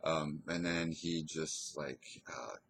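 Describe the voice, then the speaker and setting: A man telling a personal story in a casual, hesitant way, pausing and restarting often. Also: a bass voice, steady tone, fairly bright tone, a little hiss or hum. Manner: hesitant, rambling, full of pauses and restarts.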